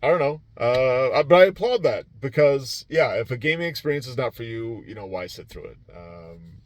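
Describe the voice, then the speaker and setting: A game master from a convention shares a loose vlog recap of his weekend, laughing often and circling back with fillers and restarts. His mid-range voice has lively intonation and a moderate pace, and the recording is dry.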